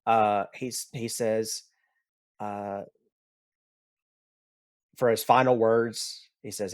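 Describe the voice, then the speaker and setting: A man narrating a tabletop game as game master, in a slow and rambling way with restarts. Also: on the low side, steady tone.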